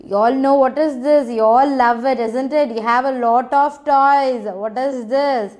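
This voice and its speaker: A woman's voice: high voice, steady tone, unhurried, darkish tone. A woman teaching children phonics, coaxing them and repeating each word for them to say back.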